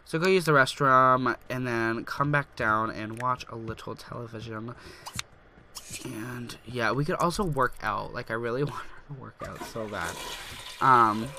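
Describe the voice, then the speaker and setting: Excitable young man playing a life sim. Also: medium pitch, unhurried, a little hiss or hum. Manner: excitable, reads game text aloud, gushes. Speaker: gaming YouTuber. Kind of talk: let's play commentary.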